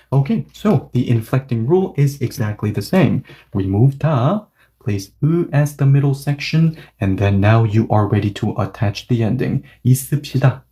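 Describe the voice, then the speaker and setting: Mellow-voiced man teaching grammar. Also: medium pitch. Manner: patient, repeats and restates points. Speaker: Korean language teacher. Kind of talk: grammar lesson explanation.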